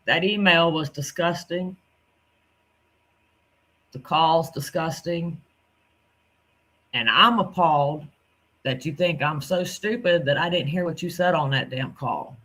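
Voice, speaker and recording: A male commentator with a fairly high, sharp, bright voice reacts to clips he plays. He sounds indignant and curses freely. He speaks straight to the person he is criticizing. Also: slow, long pauses. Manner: indignant, cursing, addresses the subject directly.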